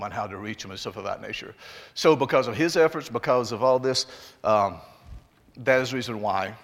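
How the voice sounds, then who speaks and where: Alabama-accented pastor preaching in a reverberant church. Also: male voice, on the low side, a bit bright. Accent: Southern US, Alabama. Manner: conversational, folksy asides to the congregation. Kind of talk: sermon.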